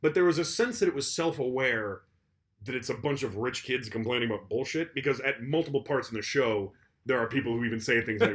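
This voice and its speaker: A man's voice: medium pitch, a little fast. A young man co-hosting a casual podcast chat, swearing freely and breaking into mocking impressions. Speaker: podcast co-host.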